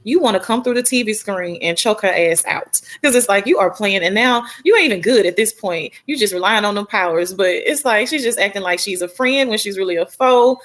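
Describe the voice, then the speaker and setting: A woman co-hosting a casual TV recap chat, talking in an animated, slangy way. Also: mid-range voice, a little fast, hardly any pauses. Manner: animated, slangy, acts out characters' lines. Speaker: podcast co-host.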